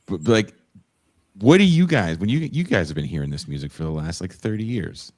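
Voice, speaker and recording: Male podcast host, very low and dry, blunt jokey banter. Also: big pitch swings, a little fast, darkish tone, dry recording. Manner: joking, blunt, laughs often. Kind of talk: casual panel chat. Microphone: video call.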